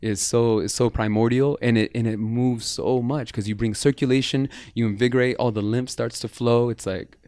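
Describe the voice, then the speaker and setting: Male healer guest, mid-pitched, flowing earnest talk, dry close recording. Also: moderate pace, few pauses, no room sound. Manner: earnest, flowing, animated, guides breathing. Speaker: podcast guest, bodywork healer. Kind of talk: casual interview chat.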